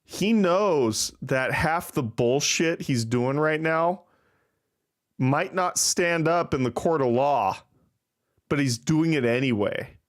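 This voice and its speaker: A man's voice: fairly high pitch, expressive, slow. A man hosting a casual livestream, rambling and self-deprecating with plenty of swearing. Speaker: livestream host. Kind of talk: casual live-stream chat.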